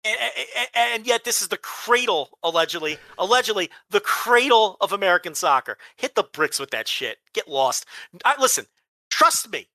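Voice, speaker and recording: Loud-mouthed jersey guy on a podcast, bright tense voice, dry sound, swears a lot. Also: high-pitched, big pitch swings, normal speed, no room sound. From New Jersey. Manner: brash, profane, ranting. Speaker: podcast co-host. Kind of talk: casual podcast banter.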